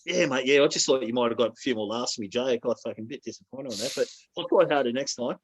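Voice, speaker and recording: A man's voice: medium pitch, fast talker, husky. A man with an Australian accent, a podcast guest chatting bluntly and telling jokes. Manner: blunt, joking, swears freely. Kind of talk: casual podcast chat.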